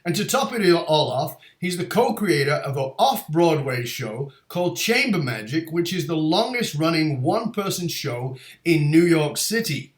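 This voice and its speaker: A man in his fifties hosting an interview show, a lively storyteller who laughs often. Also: on the high side, normal speed, hardly any pauses. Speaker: podcast host. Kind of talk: casual interview chat. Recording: roomy echo.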